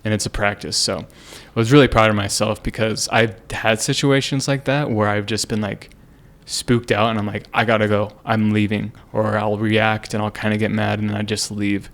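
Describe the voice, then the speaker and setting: A man's voice: fairly low pitch, level tone, moderate pace, creaky, fairly bright tone. A young man sharing a personal story on a casual podcast, earnest and rambling with many fillers and restarts. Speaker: podcast co-host.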